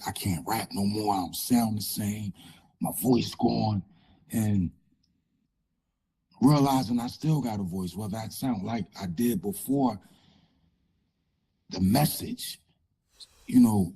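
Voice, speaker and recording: A man with a low, husky, rasping voice that sounds worn down. He talks slowly and haltingly in a dark, mellow tone, filling gaps with small pauses as he tells his story to an interviewer. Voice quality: raspy, changed voice. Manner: halting, many fillers and pauses. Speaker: guest.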